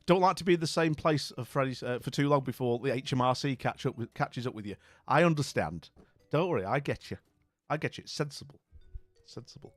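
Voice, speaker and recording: A man's voice: medium pitch, lively intonation, fairly quick, no echo, faint music behind. A man from northern England, chatting casually and at a ramble while live streaming a game, with many asides like "you know what I mean".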